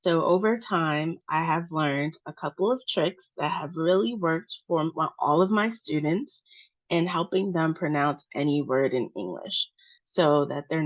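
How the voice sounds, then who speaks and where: American lady teaching pronunciation, slow and careful, kinda low voice, muffled audio. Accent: General American. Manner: patient, over-articulates example words.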